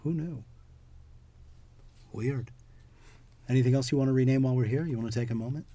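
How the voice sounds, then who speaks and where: A man's voice: mid-range voice, a little fast, mellow, no echo. A man co-hosting a podcast, chatting casually and teasing with mock seriousness. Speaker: podcast co-host. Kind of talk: casual chat.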